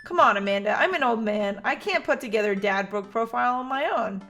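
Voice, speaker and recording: Woman reads a worried middle-aged dad, rambling and self-mocking, a higher voice, plain game read-through. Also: a little fast, a bit bright, soft background music. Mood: sheepish. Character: anxious doting single dad, middle-aged man. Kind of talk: reading a visual novel aloud.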